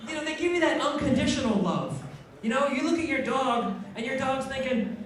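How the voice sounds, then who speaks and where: A man's voice: very high-pitched, expressive, moderate pace, fairly bright tone. Man doing stand-up in an echoey pub. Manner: wry, self-deprecating, laughs at own jokes. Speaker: stand-up comedian. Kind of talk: stand-up set. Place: small pub stage. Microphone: far handheld camera. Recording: echoey pub from a far camera.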